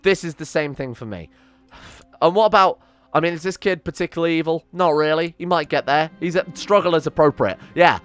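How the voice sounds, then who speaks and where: A man's voice: fairly high pitch, a little fast, a bit bright, smooth, dry recording, faint music behind. Exasperated man narrating gameplay. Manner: exasperated, swearing, theatrical rants. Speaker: game streamer. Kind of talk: casual gameplay commentary.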